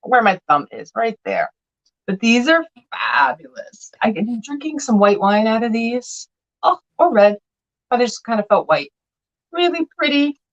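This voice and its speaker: A woman's voice: fairly high pitch, big pitch swings, normal speed, lo-fi sound. Chatty woman selling vintage glass. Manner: chatty, playful storytelling with voiced quotes. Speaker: vintage glass seller on a live sale. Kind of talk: live sale chat.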